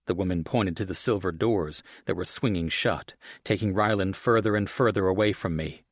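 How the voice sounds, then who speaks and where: A man narrates a romance audiobook in a low voice. He reads with a gritty, intense edge. The recording is close and dry. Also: normal speed, hardly any pauses, no echo. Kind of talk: scripted first-person romance narration.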